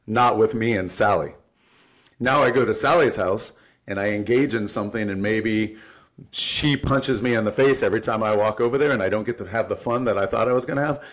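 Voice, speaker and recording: A man hosting a casual podcast interview, explaining with analogies and frank, profane talk. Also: on the low side. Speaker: podcast host.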